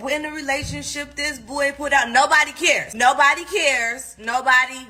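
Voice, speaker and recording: A woman's voice: on the low side, bright, forceful tone, slight background noise. A woman, ranting dismissively and scornfully in a social media clip. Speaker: influencer in a played clip.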